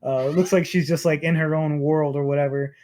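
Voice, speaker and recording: A man recapping a film for his podcast co-hosts in loose, profane chat, full of fillers and restarts. His voice sits fairly high. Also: steady tone, brisk, darkish tone. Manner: rambling, profane, lots of fillers. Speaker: podcast host. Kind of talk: casual movie recap chat.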